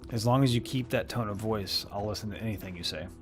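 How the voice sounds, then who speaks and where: A man chatting casually with other players on a live game stream, easygoing and quick to laugh, with loose rambling banter. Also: fairly low pitch, faint music behind. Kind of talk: casual chat among players.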